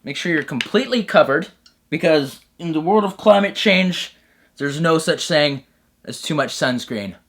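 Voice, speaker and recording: A young man hosting a satirical comedy sketch, crude and sarcastic, switching between flat mock-serious narration and loud bro shouting. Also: on the high side, normal speed.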